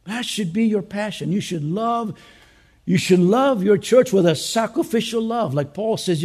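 A male pastor preaching a conference sermon to fellow pastors, swinging between loud urging and soft earnest asides, with joking conversational remarks. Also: high-pitched, lively intonation, unhurried, husky.

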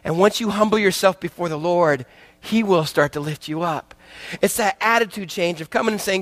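A man's voice: high voice, moderate pace, fairly bright tone, no echo. A man preaching a sermon as a guest speaker, telling a parable with acted-out voices and joking with the congregation. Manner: storytelling, acts out parable voices, jokes with congregation.

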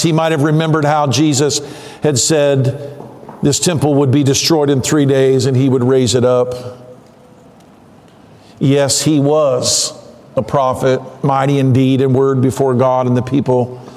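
A man preaching a sermon in an earnest, conversational way, pausing and sighing as he talks. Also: a little high, darkish tone, long reverb tail. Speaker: pastor.

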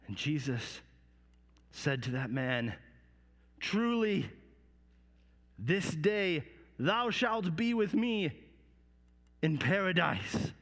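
A man telling a Bible story in the first person, slow and solemn, rising to loud cries at the quoted lines, recorded in a large reverberant hall. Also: on the high side, big pitch swings. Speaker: dramatic storyteller.

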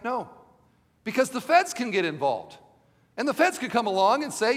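A middle-aged man preaching from the pulpit with a notably high voice. He presses each point with emphatic, repeated rhetorical questions. His words ring out in the long reverb of a large hall. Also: lively intonation, brisk. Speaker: pastor. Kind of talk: sermon.

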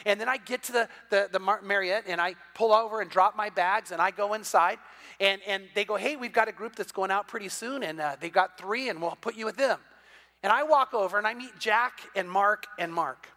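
A middle-aged man preaching a sermon, telling a story with a high, bright voice. He stumbles through quick restarts and acts out the voices of the people he describes. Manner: animated storyteller, many repeated "and, and" restarts, acts out quoted voices. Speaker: pastor.

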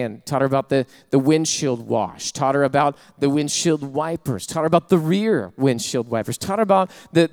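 A man's voice: a little high, darkish tone. A man, a pastor preaching a sermon, telling stories and then calling on the congregation to repeat after him. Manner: storytelling, builds to rousing call-and-response.

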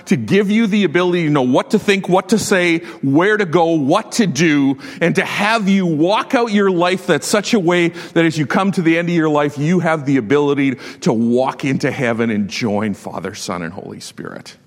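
A man preaching a sermon, telling a story with lively swings between loud and hushed delivery and frequent laughter. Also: a little high, normal speed, hardly any pauses, big-room sound. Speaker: pastor.

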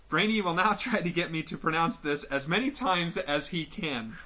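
A man's voice: fairly high pitch, animated, slow, pushed and bright, slightly rough. A man co-hosting a podcast in casual chat, reading a listener's email aloud with jokes and small stumbles. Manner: chatty, joking, stumbles over words while reading. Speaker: podcast co-host.

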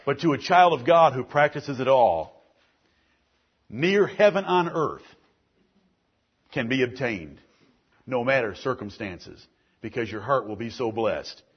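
A man's voice: medium pitch, lively intonation, a little slow, pauses often, slightly rough, muffled recording. A man preaching a sermon as pastor, building emphasis through repeated lists.

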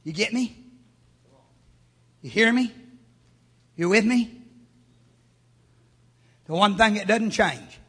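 A man preaching a fervent sermon, swinging from hushed talk to shouting. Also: high-pitched, slow pace, long pauses, breathy edge. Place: church sanctuary. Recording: long church reverb.

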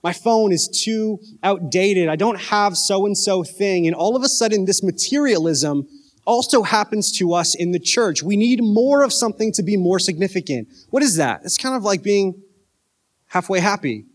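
A man's voice: high-pitched, expressive, normal speed. A man preaching a casual youth sermon, joking and asking his listeners questions. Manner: casual, conversational preaching with jokes and questions to the audience. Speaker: youth pastor.

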